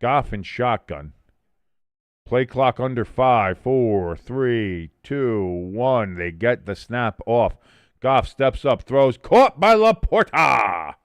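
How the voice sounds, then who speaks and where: A man hosting a live watch-along stream, calling the game play by play and reading out chat comments, with bursts of excitement on big plays. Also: mid-range voice, clear, resonant tone, dry recording. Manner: swears casually.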